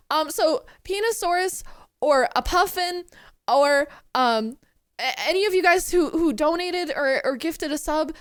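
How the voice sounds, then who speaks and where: A young woman in her twenties streaming live, excitedly thanking donors, swearing and fighting back tears. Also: sits high, unhurried. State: close to tears. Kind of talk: casual live-stream chat.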